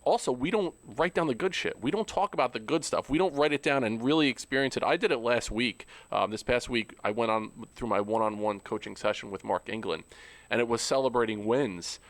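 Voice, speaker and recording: Male podcast host, mid-pitched, dry close sound, earnest and profane. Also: a little fast, no echo. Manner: earnest, swears freely, repeats words. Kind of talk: casual podcast conversation.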